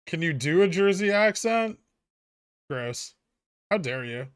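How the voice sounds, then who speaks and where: A man's voice: sits high, expressive, takes it slowly, smooth, dry recording, clean studio sound. A man hosting a casual livestream, reading viewer messages aloud and answering them with irreverent jokes and the odd swear word. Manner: jokey, irreverent, swears freely. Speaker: livestream host.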